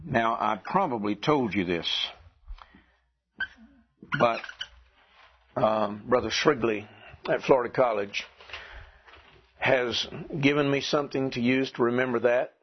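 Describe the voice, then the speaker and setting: A man teaching a classroom lesson, asking his students questions and clearing his throat now and then. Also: mid-range voice, unhurried, pauses often, slight background noise. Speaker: Greek teacher. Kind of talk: classroom lecture. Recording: dull lo-fi classroom recording.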